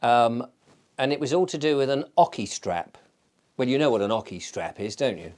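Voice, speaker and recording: A man's voice: medium pitch, normal speed, a little mellow. Chatty, rambling male vlogger. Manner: digressive storyteller, chatty with many fillers. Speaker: channel host. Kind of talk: casual rambling vlog chat.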